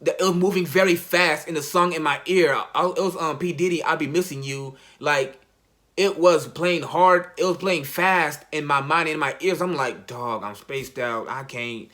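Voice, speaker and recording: A young man, a college athlete, telling a personal story in a casual, slang-heavy, halting way. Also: fairly high pitch, steady tone, sharp tone. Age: young adult.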